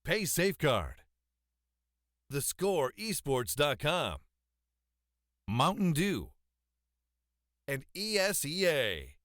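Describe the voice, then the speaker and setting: A man reading out a sponsor list in a slow, drawn-out announcer delivery. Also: on the high side, wildly swooping pitch, a bit bright, no echo, studio quality.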